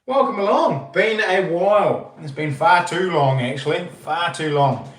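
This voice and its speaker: A New Zealand man hosts a casual livestream, greeting viewers one by one at an unhurried pace. His voice sits a little high and comes from a step back from the mic. The empty room around him gives off a strong echo. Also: expressive, distant mic. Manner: greets viewers by name, slow and laid-back. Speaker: livestream host. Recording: echoey room, voice a bit off-mic.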